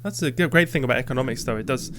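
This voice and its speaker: Guy hosting a podcast, kinda hesitant questions, clear room noise behind him. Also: mid-range voice. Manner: halting, tentative questions. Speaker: podcast host. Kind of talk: casual interview conversation. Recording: noisy room ambience.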